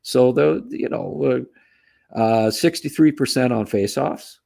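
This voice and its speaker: A man co-hosting a hockey podcast, talking in a halting way with many fillers and restarts. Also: mid-range voice, vocal fry, dark tone. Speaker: podcast co-host. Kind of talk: casual sports podcast chat.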